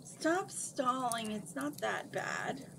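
Woman reading as a no-nonsense young princess, brisk and pushy, bit higher voice, hissy recording. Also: animated, creaky, fairly bright tone, exaggerated voice, rough recording. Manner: matter-of-fact and urging.

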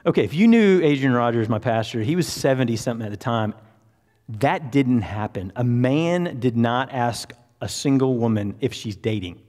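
A man's voice: medium pitch, expressive, normal speed, a little mellow. A man, a pastor, telling a story in a conversational sermon and acting out what people said. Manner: conversational, anecdotal, acts out quotes. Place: large church sanctuary. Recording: reverberant church hall.

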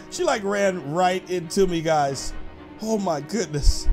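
A man giving excited, playful gameplay commentary as a gaming YouTuber, teasing and laughing often. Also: high-pitched, takes it slowly, vocal fry, loud music behind the voice.

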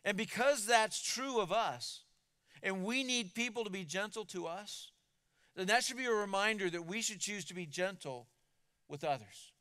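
A man's voice: sits high, animated, normal speed, pushed and bright, smooth. A man preaching a sermon in an earnest, emphatic way, often repeating words as he builds a point. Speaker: pastor.

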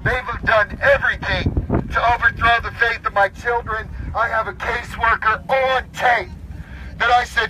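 A man's voice: very high voice, fairly even intonation, normal speed, background noise. A man giving an impassioned speech at an outdoor protest, reading rules aloud and then bluntly rebutting each one. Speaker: protest speaker, parent.

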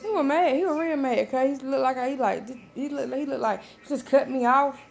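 High, gravelly-voiced woman vlogger. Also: normal speed, background noise. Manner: animated storytelling, talks to viewers as y'all. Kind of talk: casual chat.

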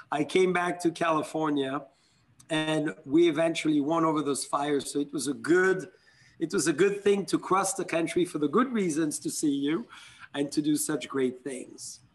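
A man hosting a live video interview, effusive and flattering in a theatrical way. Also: on the high side. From France. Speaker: host.

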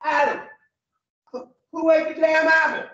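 A man doing God as a booming, cussing father. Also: measured pace. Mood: outraged. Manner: shouting, folksy, cussing. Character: booming stern male God, shocked. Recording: distant, roomy, muffled.

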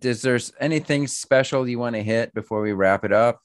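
A man's voice: mid-range voice, fairly quick, clear, resonant tone. A man hosting a casual interview, joking around and teasing his guest with mock-tough banter. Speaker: interview host.

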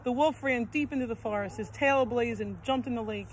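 A woman's voice: on the high side, a little fast, a little hiss or hum, rough recording. Woman reading a children's story aloud.

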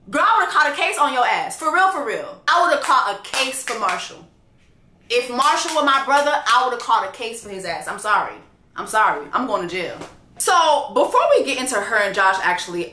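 A woman reviewing a reality dating show, ranting loudly and profanely in casual commentary. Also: mid-range voice, echoey room. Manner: loud, profane, animated ranting.

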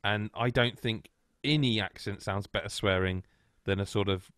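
A man hosting a casual gaming podcast, talking in a loose, teasing way and happily swearing as he ribs his co-hosts. His voice sits on the low side. The sound is dry and close, with no room echo. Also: moderate pace, fairly bright tone. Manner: chatty, teasing, swears freely. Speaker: podcast host.

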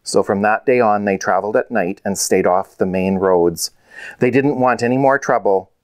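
A man's voice: fairly low pitch, moderate pace, clear, resonant tone, no room sound. Man reading a children's story aloud. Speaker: author reading his book.

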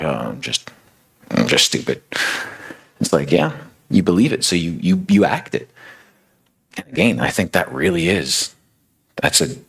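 A man's voice: sits low, fairly bright tone, breathy edge. A male preacher retelling a story in a sermon, conversational and dramatic, with casual fillers.

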